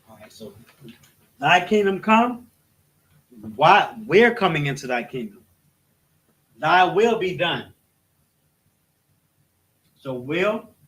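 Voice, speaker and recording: A man's voice: a little high, a bit bright. A man teaching a Bible lesson at a marker board, explaining step by step with frequent restarts and self-corrections. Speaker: religious study teacher. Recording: roomy echo, voice from a distance.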